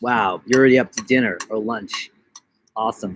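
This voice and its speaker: A young man from New York chatting on a casual live stream from his backyard, rambling and joking, with bursts of silly high-pitched voices. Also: moderate pace, a bit bright, slight background noise. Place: outdoors in a backyard.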